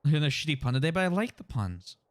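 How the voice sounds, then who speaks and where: A man's voice: on the high side, sing-song, quick pace, no echo. A young man streaming a game, casually chatting with viewers and reading the dialogue aloud. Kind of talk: casual gameplay commentary.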